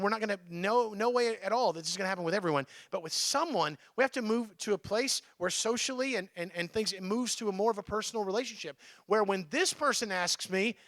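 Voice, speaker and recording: Male pastor, dry close sound, bright tone, chatty sermon delivery. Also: high voice, no echo. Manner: conversational, checks in with the crowd. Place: church.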